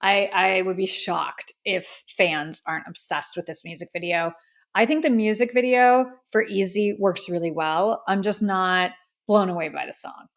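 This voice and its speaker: A woman's voice: medium pitch, normal speed. A woman hosting a podcast, giving a casual, candid music review with plenty of fillers and opinions. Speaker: podcast host.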